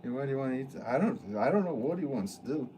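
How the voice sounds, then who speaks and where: A man's voice: mid-range voice, expressive, fast, dark tone, a little hiss or hum. A man, a potter, chatting casually and playfully with his livestream chat while he works. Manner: playful, joking, answers chat. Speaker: potter streaming live.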